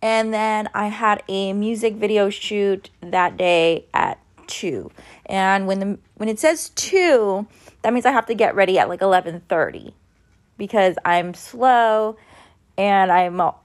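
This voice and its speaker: A woman's voice: medium pitch, measured pace. A woman in her mid-thirties chatting casually to her viewers at home, ranting and swearing freely. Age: 30s. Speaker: vlogger. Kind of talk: casual chat to camera. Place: at home, kitchen sounds.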